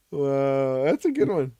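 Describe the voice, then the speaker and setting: A podcast co-host speaks slowly, with a voice that swings widely in pitch, recorded in a dry, close setting. They mostly chime in with short reactions and laugh easily. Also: dark tone, no echo. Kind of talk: casual chat.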